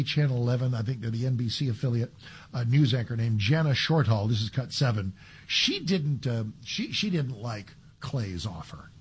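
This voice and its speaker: A talk radio host, a man, works through a heated opinion monologue with sarcastic asides and quick repetitions. His voice is very husky and breathy, with a steady middle pitch. It sounds like a studio microphone. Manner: emphatic, sarcastic, with frequent restarts.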